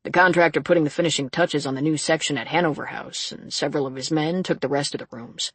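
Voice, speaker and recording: A reader voicing a calm, gently probing male sheriff in an audiobook. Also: mid-range voice, fast talker, slightly rough, no echo. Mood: businesslike. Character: calm steady man, a rural sheriff. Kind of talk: audiobook character reading.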